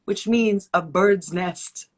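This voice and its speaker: A woman's voice: on the low side, slow. A young woman guest in a casual interview, telling personal stories and acting out what people said. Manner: expressive, acts out quotes in stories. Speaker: guest, model and stylist. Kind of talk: casual chat.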